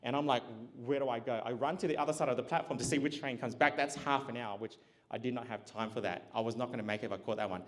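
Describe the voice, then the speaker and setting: Male keynote speaker with a mid-range voice, animated storyteller, recorded with long hall reverb. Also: mid-range voice, rapid-fire. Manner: animated, acts out dialogue, laughs often. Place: large event hall.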